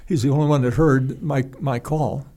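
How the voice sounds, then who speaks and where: An older man, a retired pilot, telling a story in a halting, rambling way with restarts and salty language. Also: medium pitch, steady tone, dark tone. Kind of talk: casual spoken storytelling.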